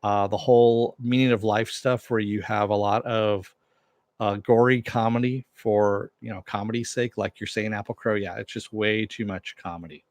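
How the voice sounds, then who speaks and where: Guy rambling thru a tv episode recap, lowish voice, dry close sound. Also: fairly even intonation, normal speed, darkish tone, dry recording. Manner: rambling, filler-heavy storytelling. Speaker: TV recap reviewer.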